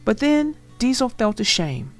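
A woman reading a children's story aloud with an expressive, gentle storybook delivery. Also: on the high side, measured pace, soft background music.

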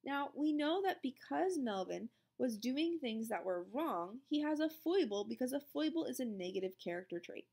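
A woman's voice: sits high, sing-song, moderate pace, vocal fry, hardly any pauses, darkish tone. A woman teacher reading a storybook aloud expressively, then explaining the lesson.

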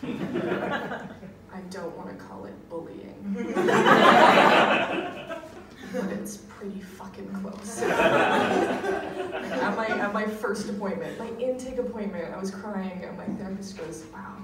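An American woman doing a stand-up comedy set, acting out characters in quick wry bursts. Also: medium pitch, animated. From United States. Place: comedy venue in a bunker with a laughing audience. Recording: echoey room, mic far off, loud crowd noise.

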